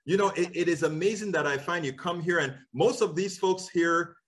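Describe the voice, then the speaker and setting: A man's voice: high-pitched, moderate pace, a bit bright. A man from Panama hosting a political talk show, conversational and thinking aloud as he speaks. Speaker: host.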